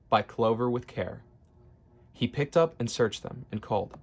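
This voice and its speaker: A man reading a children's rhyming picture book aloud in a steady, rhythmic way, his voice trailing softer at the ends of lines. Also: mid-range voice, normal speed. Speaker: storybook reader.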